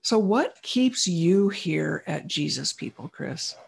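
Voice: mid-range voice, expressive, slow, gravelly, breathy edge. An interviewer asking questions and reacting in a friendly, enthusiastic conversational way. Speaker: interviewer, producer.

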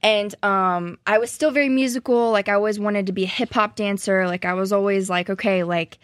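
Young female guest, casual storyteller, mid-pitched, dry mic. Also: fairly even intonation, a little fast, no echo. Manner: casual, fills with "like" and "um". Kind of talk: telling her life story.

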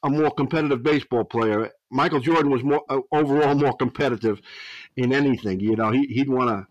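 Storytelling older baseball coach, dry sound. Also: male voice, medium pitch, a little fast, no room sound, highs cut off. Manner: rambling storyteller, frequent restarts and 'you know'. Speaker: guest, veteran pitching coach. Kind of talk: storytelling podcast interview.

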